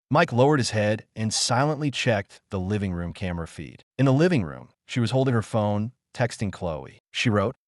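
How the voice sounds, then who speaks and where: A man's voice: lowish voice, animated, moderate pace, few pauses, no echo, clean studio sound. A man narrating a scripted dramatic story, with emphatic delivery.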